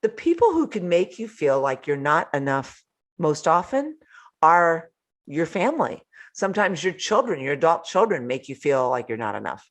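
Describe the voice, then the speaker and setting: An older woman hosting a live motivational talk from home, animated and playful, laughing often between remarks. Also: low voice, moderate pace. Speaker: host.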